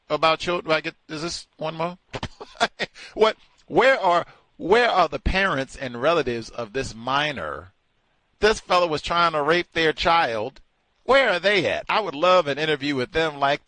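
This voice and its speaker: A man's voice: fairly high pitch, fairly bright tone, no room sound, poor audio. Sardonic male radio host, dry sound. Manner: sardonic, mocking, emphatic. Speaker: call-in show host. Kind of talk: talk radio commentary.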